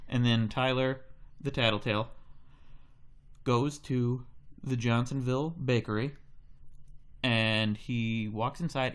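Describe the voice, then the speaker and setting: A man hosting a live podcast, improvising a silly story with playful deadpan asides. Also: mid-range voice, slow, long pauses, clean tone. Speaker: podcast host.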